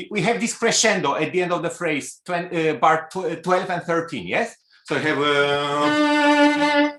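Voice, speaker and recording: A man coaching a cello student in a masterclass, pausing often with fillers and singing phrases aloud to show them. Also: fairly high pitch, a bit bright. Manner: hesitant, many fillers, sings phrases aloud. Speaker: cello teacher. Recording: roomy hall with instrument music.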